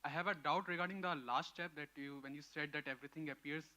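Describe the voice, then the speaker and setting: Young male questioner, fast, bright, hesitant, off-mic. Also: fairly high pitch, steady tone. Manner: hesitant, many fillers. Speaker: audience member asking a question. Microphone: far from the mic in the audience.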